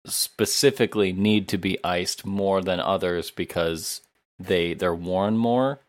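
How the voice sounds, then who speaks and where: A man's voice: low-pitched, fairly even intonation, slow, dry recording, studio quality. A man co-hosting a casual comedic chat, laughing often as he riffs on absurd jokes.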